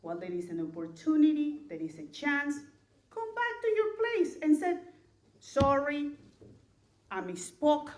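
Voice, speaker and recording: A woman delivering a sermon in a slow, deliberate way, reading scripture in a measured cadence and repeating key lines for emphasis. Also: sits high, wildly swooping pitch, darkish tone. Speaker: clergy member giving a sermon. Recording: roomy echo of a large room.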